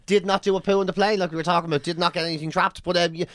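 A man's voice: sits high, very fast, dry recording. An Irish man co-hosting a podcast, telling stories animatedly, swearing often. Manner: animated storytelling, swears often, breaks into chants. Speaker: podcast co-host. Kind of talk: casual chat.

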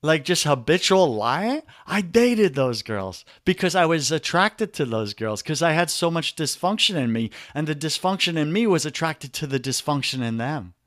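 A man's voice: a little high, sing-song, normal speed, hardly any pauses, a bit bright, no echo, clean studio sound. A man with a New York accent, a guest on a podcast interview, coaching listeners in an emphatic, preachy way and calling them brother.

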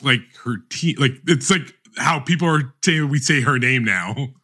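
A man hosting a podcast, talking animatedly in a casual roundtable chat with many quick restarts. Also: mid-range voice, sharp tone. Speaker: podcast host.

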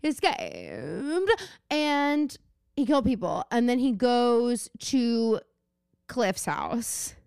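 A young woman co-hosting a podcast in casual chat, playful and quick to riff on jokes and mock voices. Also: fairly high pitch, a little mellow, smooth, no echo, clean studio sound. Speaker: podcast co-host.

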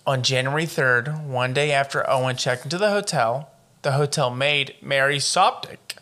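Bright-voiced man reading a true-crime case. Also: mid-range voice, normal speed. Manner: profane and joking, wanders off into riffs. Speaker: podcast co-host.

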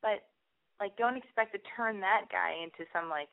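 A woman's voice: medium pitch, moderate pace, vocal fry. A woman hosting a call-in advice show, tired and hungover, giving blunt advice with plenty of swearing. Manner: blunt, profane, direct advice. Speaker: radio call-in host. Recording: tinny phone-like sound.

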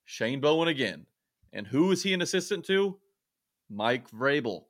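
A man talks through football coaching history on a casual sports podcast. He rambles, restarts sentences and leans on fillers. His voice is mid-pitched and ordinary. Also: very animated, normal speed, a bit bright, dry recording, studio quality. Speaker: podcast co-host.

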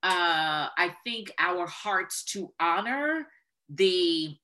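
A woman speaking as a guest expert in an interview, emphatic and building to forceful points. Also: on the low side, lively intonation, extremely slow. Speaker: guest expert on corporate diversity. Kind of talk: conversational interview talk.

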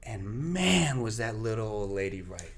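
A man's voice: fairly low pitch, measured pace, creaky. A man whose first language is Spanish, a guest actor and radio host, telling stories in an interview and acting out the people in them. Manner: animated, acts out the people in his stories. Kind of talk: lively interview storytelling.

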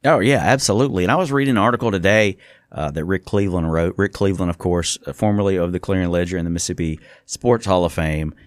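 A man's voice: sits low, fast talker, dry recording. A man who is a guest in a radio studio, talking sports casually and reading off stats, sometimes correcting himself mid-list.

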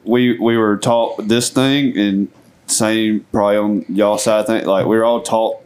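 A man's voice: fairly low pitch, steady tone, unhurried, a little mellow. A man chatting on a podcast in a rambling, reflective way. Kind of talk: casual chat.

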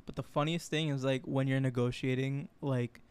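A young adult man co-hosting a casual chat, telling stories in a relaxed, slangy way. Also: medium pitch, normal speed, clean tone. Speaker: podcast co-host.

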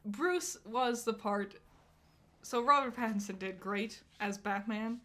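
A woman's voice: fairly high pitch, takes it slowly, pushed and bright. A woman co-hosting a podcast, chatting casually with many fillers and frequent laughs. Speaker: podcast co-host. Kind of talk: casual chat.

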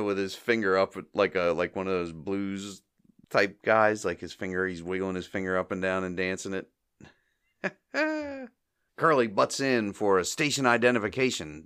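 Lively man recapping with playful voices. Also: sits low, moderate pace, smooth. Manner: acts out quoted lines in bursts of silly voices, laughs often. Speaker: podcast host. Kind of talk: casual comedy recap.

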